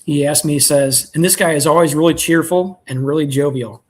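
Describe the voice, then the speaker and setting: A man who keeps bees, telling a story in relaxed, rambling chat and clearing his throat often. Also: fairly high pitch, a little fast. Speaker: beekeeper selling nucleus colonies.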